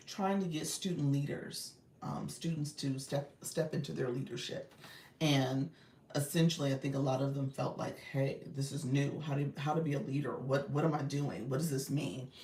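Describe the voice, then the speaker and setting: A woman's voice: rumbling low, a little mellow, far from the mic, slight background noise. A woman coach, hosting a casual live stream, reading viewer comments and laughing often as she calls out to "y'all". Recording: echoey room, voice a bit off-mic.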